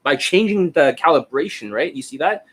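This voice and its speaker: A man's voice: on the high side, expressive, normal speed, fairly bright tone, husky. A man in his forties, a dating coach, explaining in a blunt, profane, demonstrative casual talk.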